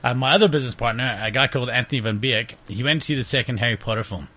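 A man's voice: medium pitch, very fast. A man chatting casually on a podcast, telling stories with frequent laughs and some swearing. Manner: laughing, swearing, lively anecdotes. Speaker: podcast guest. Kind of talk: casual storytelling chat.

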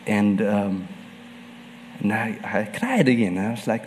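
Pastor preaching in a reverberant hall. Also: male voice, fairly low pitch, takes it slowly, slight background noise. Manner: personal storytelling, laughs often. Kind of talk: sermon.

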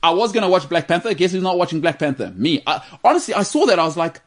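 An animated man hosts a casual chat, his voice swinging widely in pitch. He sits a little high in register and slips into mocking put-on as he rants. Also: fast. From Africa. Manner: animated, mocking accents in quoted asides. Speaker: host.

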